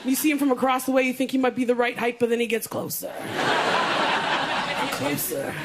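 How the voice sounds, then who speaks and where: This North American comic's voice sits a little high, barely moves in pitch, and comes out rapid-fire. She's doing bawdy, punchy stand-up before a live crowd, throwing in over-the-top impressions, while the audience laughs and makes loud noise throughout.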